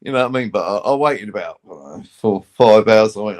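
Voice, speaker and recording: A man with a lowish, darkish voice talks fast while chatting casually on a live stream. He rambles through stories, swears, and acts out other people's voices.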